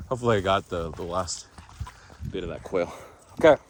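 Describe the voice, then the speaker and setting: Man, mid pitch, chatty rambling vlogger, outdoors, faint noise behind. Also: brisk. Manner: chatty, rambling with restarts and fillers. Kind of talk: rambling casual vlog.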